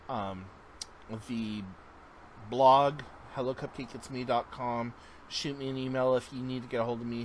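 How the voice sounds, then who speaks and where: A man's voice: medium pitch, slight background noise. Earnest man rambling on his podcast. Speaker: podcast host. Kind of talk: casual monologue.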